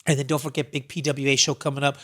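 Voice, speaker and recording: A man's voice: mid-range voice, flat delivery, rapid-fire, a bit bright. A man hosting a casual radio talk show, rambling through anecdotes with offhand asides. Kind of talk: casual storytelling chat.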